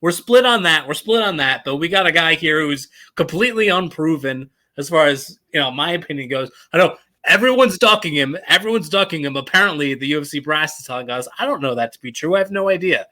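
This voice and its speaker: Laid-back, bright-voiced male co-host. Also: a little high, lively intonation. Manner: laid-back, hedging, many filler pauses. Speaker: podcast co-host making fight picks. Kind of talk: casual podcast chat.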